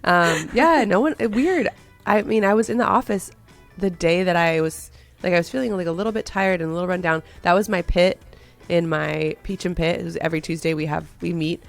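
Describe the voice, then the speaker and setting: A woman co-hosting a podcast, hoarse from being sick, chatting casually and laughing often. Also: lowish voice, fairly quick, faint music behind. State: hoarse from illness. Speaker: podcast co-host. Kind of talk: casual chat.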